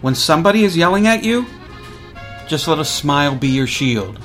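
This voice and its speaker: A man's voice: on the high side, expressive, moderate pace, a bit bright, soft background music. A man hosting a college radio show, telling a story casually and acting out other people's lines.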